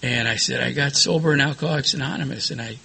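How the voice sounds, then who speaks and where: A middle-aged man tells his own story to a room at a recovery meeting, plain-spoken and rambling, with plenty of fillers. His voice has a husky edge, yet the tone sits bright and forward. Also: medium pitch, fast talker. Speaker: speaker sharing at a recovery meeting. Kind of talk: personal testimony to an audience.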